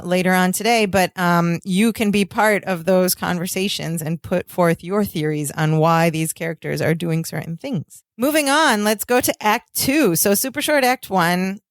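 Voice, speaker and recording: A woman's voice: lowish voice, no room sound, clean studio sound. Woman recapping an episode in casual chat. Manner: recounts scenes, quoting lines in a put-on snooty voice. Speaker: podcast co-host.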